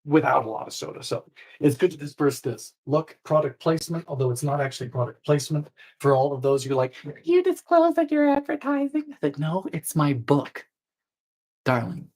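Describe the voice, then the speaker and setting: A man hosting a live baking stream, chatting playfully with viewers, trailing off and restarting, with sudden high squeals. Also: steady tone, brisk, darkish tone, husky, poor audio. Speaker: baking show host.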